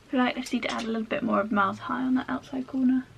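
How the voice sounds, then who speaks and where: Woman, makeup vlogger, chatty and self-mocking, fry in the voice, slightly high. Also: fairly even intonation, racing, lo-fi sound, a little hiss or hum. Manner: rambling, self-mocking asides while working. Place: at home.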